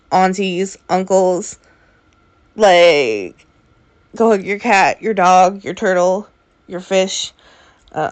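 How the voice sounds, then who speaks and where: Slow-talking sassy woman vlogger. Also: medium pitch. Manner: sassy, exasperated, addresses her subject directly. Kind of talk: opinionated commentary vlog.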